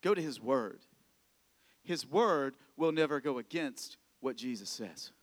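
A man's voice: medium pitch, animated, unhurried, big-room sound. A man preaching a sermon as a pastor, talking to the congregation in a conversational way, full of rhetorical questions and repeated phrases.

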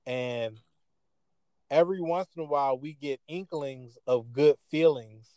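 Higher-voiced man speaking like a preacher. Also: measured pace, warm tone, no room sound. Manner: earnest, sermon-like. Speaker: host. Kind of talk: preaching-style talk.

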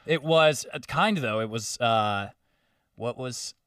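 A man telling a long story in casual podcast chat, animated, swearing and mimicking the people he met. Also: mid-range voice, unhurried, clear, resonant tone, no echo, studio quality, far from the mic.

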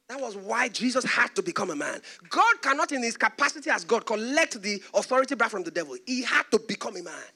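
A man's voice: extremely high pitch, sharp tone. A man with a Nigerian accent, a pastor preaching a sermon in a dramatic storytelling way. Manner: dramatic storytelling preacher who acts out the voices.

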